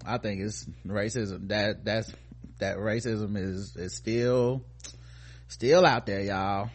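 A man's voice: fairly low pitch, steady tone, slow pace. A man co-hosting a podcast, reading news stories aloud and mocking them in casual comedic commentary, laughing often. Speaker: podcast co-host.

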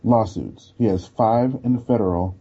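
A man co-hosting a casual chat, laid-back and quick to laugh. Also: fairly low pitch, slightly rough. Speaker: podcast co-host. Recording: dull lo-fi sound.

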